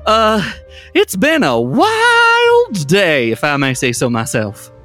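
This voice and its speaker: A man putting on a high-pitched, flustered theater assistant. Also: wildly swooping pitch, takes it slowly, sharp tone, faint music behind, heavily acted. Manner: high, flustered, says y'all. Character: fussy young female theater assistant, southern drawl.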